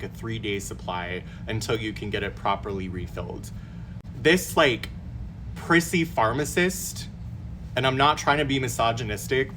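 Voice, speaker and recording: A man's voice: mid-range voice, a little hiss or hum. A young man telling an indignant storytime rant into his phone camera, swearing as he goes. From Texas. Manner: indignant, animated storytelling with profanity. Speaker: storytime vlogger.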